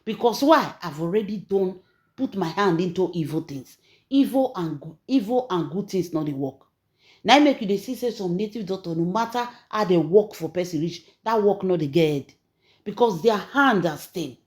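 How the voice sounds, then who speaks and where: A Nigerian woman hosting her own channel, telling gossip in an emphatic, preachy way that swings between loud and soft. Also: lowish voice, lively intonation, moderate pace. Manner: emphatic, preachy, rising and falling in loudness. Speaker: channel host and gossip storyteller. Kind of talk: animated gossip commentary.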